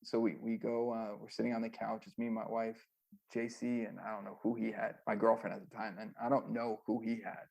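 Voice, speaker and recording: A former music manager, a man, telling a long story in a loose, rambling way and often ending sentences with a quick "right?". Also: on the low side, level tone, creaky, darkish tone, slightly rough. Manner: ends many sentences with a tag question, "right?"; loose and rambling, with restarts and fillers. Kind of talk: casual storytelling in an interview.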